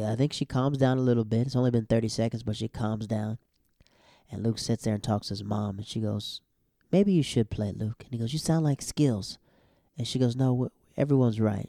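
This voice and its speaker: A young man giving a casual, slangy recap of a TV episode, breaking into high exclaiming bursts. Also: mellow, no room sound, clean studio sound. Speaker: show recapper.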